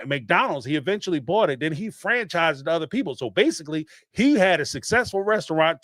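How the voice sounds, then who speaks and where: A man, hosting a podcast and ranting in an animated, emphatic way, with some swearing and repeated phrases. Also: high voice, no echo, clean studio sound. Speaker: podcast host. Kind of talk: casual commentary rant.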